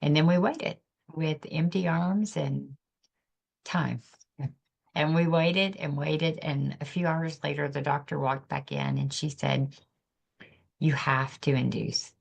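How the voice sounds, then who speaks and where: A middle-aged woman with a low, gravelly voice tells her own story of loss on a podcast. She speaks earnestly and reflectively, her voice full of feeling. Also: steady tone, a little slow. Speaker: podcast guest. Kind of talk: personal storytelling.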